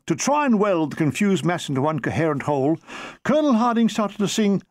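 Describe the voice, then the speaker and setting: A man's voice: high-pitched, big pitch swings, fairly quick, dry recording. A man reading his own memoir aloud in a dry, comic storytelling manner. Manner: dry comic storytelling, slipping into brief character voices. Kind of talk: audiobook narration.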